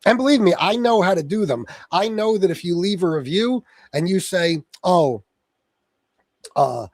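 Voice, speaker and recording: A man's voice: high voice, animated, a little fast, no room sound. A man hosting a livestream, delivering a profane, taunting rant aimed at someone he insults by name. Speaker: livestream host.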